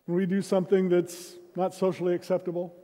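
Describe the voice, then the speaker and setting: High-voiced pastor, mellow tone, echoing church. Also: male voice, completely flat delivery, brisk. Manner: conversational preaching with self-deprecating humor. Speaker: senior pastor. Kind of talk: sermon. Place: church sanctuary. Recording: reverberant church hall.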